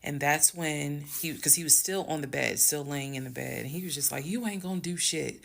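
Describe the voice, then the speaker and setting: A woman casually telling her own story to viewers, emphatic and at times fast and loud when she gets heated. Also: deep voice, fairly even intonation, creaky. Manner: addresses viewers as "y'all". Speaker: storyteller recounting her marriage.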